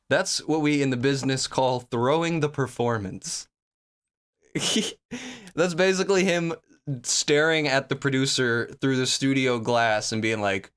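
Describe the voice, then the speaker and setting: A man's voice: medium pitch, slow, clean tone. A man hosting a reaction video, chatting casually and laughing often as he comments. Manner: laughs often, jokey and relaxed.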